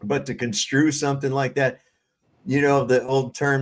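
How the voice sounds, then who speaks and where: A man speaking at medium pitch and an ordinary pace hosts a relaxed livestream panel chat. He tells stories loosely, swears freely, and laughs a lot.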